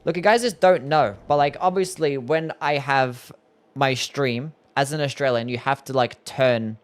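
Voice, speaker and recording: A man's voice: medium pitch, normal speed. A man casually streaming a game live, chatting and answering his viewers in a laid-back way.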